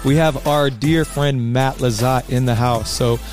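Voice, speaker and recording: A man's voice: mid-range voice, steady tone, unhurried, darkish tone, soft background music. A man who works as a coach, hosting a podcast in an upbeat, rambling way with lots of fillers. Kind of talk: casual podcast chat.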